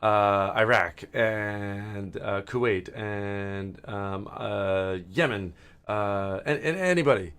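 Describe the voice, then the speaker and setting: A man hosting a gaming channel, rambling and ranting with frequent swearing while he starts a match; his throat is hoarse. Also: fairly low pitch, takes it slowly, a bit bright. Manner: profane, ranting, digressive.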